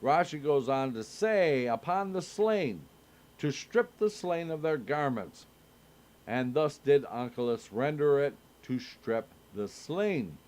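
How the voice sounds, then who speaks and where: A man teaching a Torah study, slowly reading verses and commentary aloud with frequent pauses and fillers. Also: medium pitch, sing-song, a little mellow. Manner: slow, halting reading with many filler sounds. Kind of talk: reading and explaining scripture. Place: synagogue.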